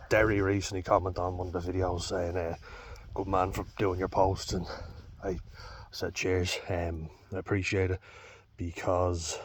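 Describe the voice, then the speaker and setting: A man's voice: sits low, slight background noise. A young Irish man talking in a rambling, blunt and sweary way, vlogging outdoors on a walk. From Ireland. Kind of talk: casual vlog while walking a dog outdoors. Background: faint outdoor ambience, dogs barking.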